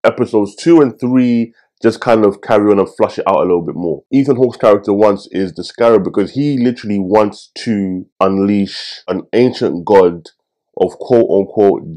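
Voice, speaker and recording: Young male reviewer, deep-ish warm tone, casual ranting with cheeky asides. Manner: animated, swearing, jokey asides. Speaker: film review host.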